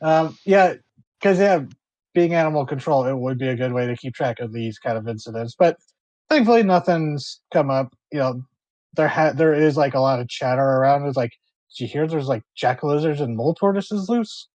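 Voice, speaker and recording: A man runs a tabletop role-play game as its game master, narrating the scene in a loose, rambling way full of fillers and restarts. His voice sits in a middle pitch, and the sound is dry and close to the mic. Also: moderate pace, a little mellow, dry recording, lo-fi sound.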